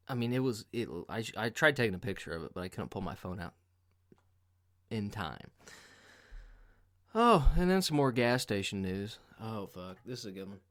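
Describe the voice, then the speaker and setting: A man hosting a podcast, telling casual comic stories in a profane, rambling, mocking way. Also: lowish voice. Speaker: podcast host. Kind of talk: casual comedic storytelling.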